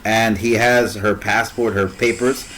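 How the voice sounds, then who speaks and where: A man's voice: lowish voice, level tone, measured pace, a bit bright, low-quality recording. A man casually telling a long story, rambling and stopping to search for words. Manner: rambling, fills gaps with "what's it called".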